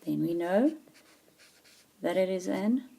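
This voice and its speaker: A woman teaching grammar in a patient, explaining way, leaning hard on key words. Her voice sits a little low and sounds mellow and warm. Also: lively intonation, takes it slowly. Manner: clear, patient explaining with emphatic stresses. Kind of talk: grammar lesson.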